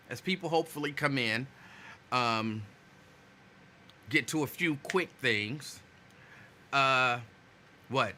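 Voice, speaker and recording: Man, host, casual stream chat, low energy, very bright tone, slightly high pitch. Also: a little hiss or hum. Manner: loose and conversational, greeting viewers by name. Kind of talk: casual live-stream talk.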